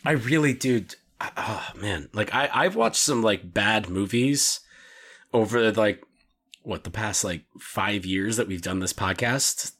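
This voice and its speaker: A man's voice: lowish voice, measured pace, fairly bright tone. A man co-hosting a podcast in casual chat, rambling with many restarts and fillers. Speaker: podcast co-host.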